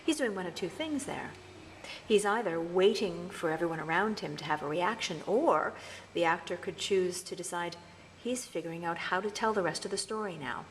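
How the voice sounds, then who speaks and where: A woman lecturing on verse meter, explaining patiently and reading quoted lines slowly. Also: fairly low pitch, big-room sound, a little hiss or hum, low-quality recording. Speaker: literature lecturer.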